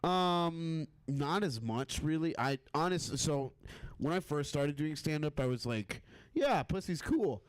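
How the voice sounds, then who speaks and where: Man podcaster, smooth clear voice, dry close sound, sheepish and hesitant. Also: a little high, unhurried, few pauses, no room sound. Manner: sheepish, hesitant, self-deprecating. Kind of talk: casual comedy podcast chat.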